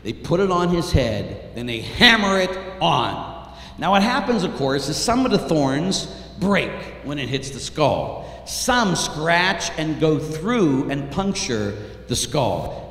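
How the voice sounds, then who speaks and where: A man, a priest, preaching a dramatic sermon, telling the story with intensity and swinging from hushed tones to shouts. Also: on the high side. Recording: echoey hall, light room noise.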